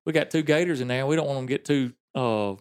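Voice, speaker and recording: A man's voice: medium pitch, fast talker, a little mellow, smooth. A man, hosting a podcast and telling a story in a rambling, folksy way, laughing often. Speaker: podcast host. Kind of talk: casual storytelling chat.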